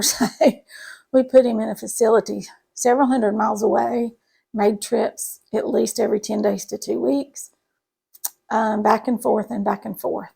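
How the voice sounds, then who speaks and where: A woman's voice: a little high, gravelly, mellow, husky. A middle-aged woman, chatting folksily to viewers while cooking in her home kitchen. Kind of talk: casual cooking chat to camera.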